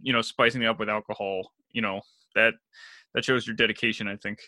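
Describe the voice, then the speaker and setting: Bright-voiced playful man. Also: on the low side, steady tone, fairly quick, no echo. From US Pacific Northwest. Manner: playful, teasing, laughs a lot. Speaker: podcast co-host. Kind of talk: casual chat.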